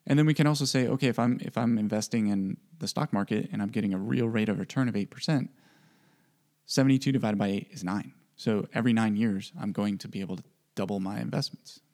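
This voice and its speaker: A man's voice: lowish voice, quick pace, a little mellow. A man working as a financial coach for military members, explaining investing in a casual teaching style and often checking in with "right?". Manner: conversational, checks in with frequent "right?".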